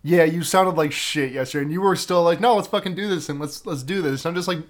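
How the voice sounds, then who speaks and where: A woman's voice: fairly low pitch, quick pace. Stuffed-up young woman, dry humor. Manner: dry, wry humor, swears casually. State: stuffed up with a cold. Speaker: podcast co-host. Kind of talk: casual chat. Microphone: home podcast mic.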